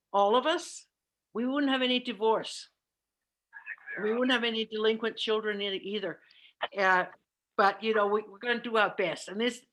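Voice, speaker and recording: Casting: middle-aged woman trainer, earnest, mid-pitched, often restarts phrases. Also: a bit bright. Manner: earnest, self-correcting, repeats words. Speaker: caregiving trainer. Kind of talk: presentation with discussion.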